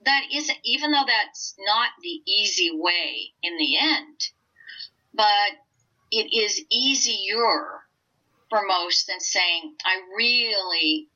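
Bright-voiced older woman, gentle coach. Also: medium pitch, animated, takes it slowly. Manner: gentle, earnest, speaks from the heart. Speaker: oncology coach, guest. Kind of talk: casual interview talk. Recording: dull lo-fi remote audio.

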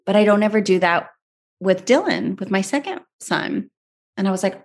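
A woman's voice: mid-range voice, animated, normal speed. A woman in her forties, a podcast guest, telling a parenting story in casual chat and acting out her own thoughts.

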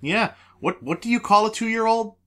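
A man's voice: high voice, normal speed, fairly bright tone. Easygoing man stammering through chat. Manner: easygoing, stammers with repeated words. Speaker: podcast co-host. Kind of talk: casual chat.

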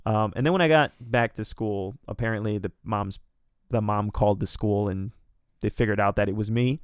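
A man's voice: on the low side, moderate pace, smooth, no echo, clean studio sound. A young man casually telling a rambling, profane, self-deprecating story as a podcast co-host.

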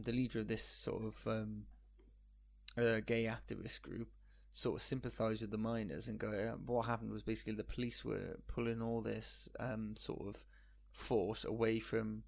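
Man co-host, low gravelly voice, rambling and sweary. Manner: sweary, rambling, full of fillers. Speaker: podcast co-host. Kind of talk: casual chat.

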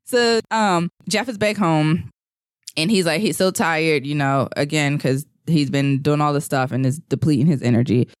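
A man's voice: on the high side, normal speed, clean tone, no room sound. A man co-hosting a podcast, casually retelling a film's plot in a rambling way and acting out characters' lines. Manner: rambling storyteller, acts out lines. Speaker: podcast co-host. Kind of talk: casual movie recap.

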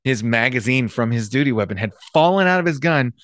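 A man hosting a casual chat, telling work stories with a joking, animated manner. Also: mid-range voice, a little fast, no echo, clean studio sound. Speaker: podcast host, police officer.

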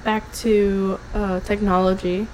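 A woman's voice: mid-range voice, little pitch movement, takes it slowly, a little mellow, slight background noise, rough recording. A woman in her twenties from New Orleans with a local accent, co-hosting a casual podcast chat in a playful, joking way. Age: 20s. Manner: giggly, playful, jokey. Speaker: podcast co-host.

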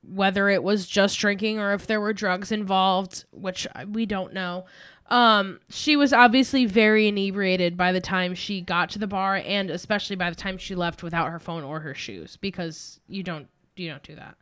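A woman's voice: medium pitch, steady tone, normal speed, a bit bright, clear, resonant tone, no echo, studio quality. A young woman co-hosting a casual true-crime podcast, telling the case and drifting into chatty asides. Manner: chatty, recounts case facts then breaks into asides and giggles.

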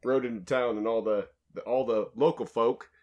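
A man co-hosting a podcast, gruff and joking in casual chat, swearing freely. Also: medium pitch, steady tone, moderate pace, a little mellow, muffled recording. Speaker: podcast co-host.

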